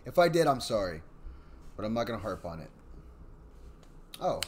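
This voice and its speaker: A man hosts a casual live stream, chatting and reading stories while rambling and apologizing, with lots of fillers. His voice is lowish but swings widely in pitch, at a normal speed. There is noise in the background.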